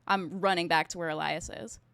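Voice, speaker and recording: A woman playing a tabletop game, brisk and earnest, laughing easily. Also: fairly low pitch, fairly even intonation, gravelly, a bit bright, clear, resonant tone, no echo. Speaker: player.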